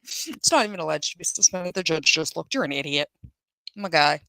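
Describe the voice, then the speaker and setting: A woman's voice: low-pitched, expressive, brisk, gravelly, pushed and bright, no echo, poor audio. A woman hosting a live firearms channel, giving casual commentary in a blunt, sarcastic way, swearing freely and answering viewers' comments. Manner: chatty, reads viewer comments aloud.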